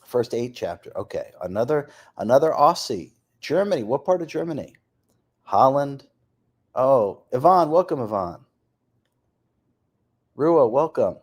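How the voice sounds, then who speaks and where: A man hosts a casual live stream, greeting viewers and reading their messages aloud. His voice sits in a middle pitch but jumps around a lot as he talks. He laughs easily between remarks. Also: unhurried, long pauses, husky. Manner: lively, reads off places and names, laughs often. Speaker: author hosting a live stream.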